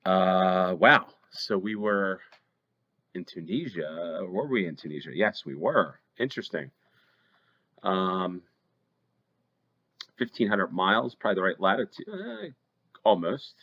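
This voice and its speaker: A man's voice: deep voice, big pitch swings, a little slow, pauses often, fairly bright tone, highs cut off. An American man hosting a play-along geography game, thinking aloud with hesitant ums as he weighs each guess. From United States. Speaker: game show host. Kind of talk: play-along gameplay commentary.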